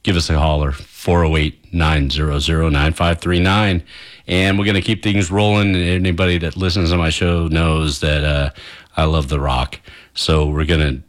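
Deep-voiced radio DJ, man. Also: flat delivery, moderate pace. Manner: friendly rambling with chuckles. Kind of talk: community radio pledge drive talk. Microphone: studio broadcast mic.

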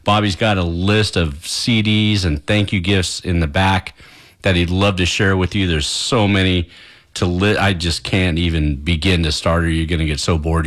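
A man, a radio DJ doing a friendly, rambling pledge-drive talk with chuckles on a studio broadcast mic. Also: low-pitched.

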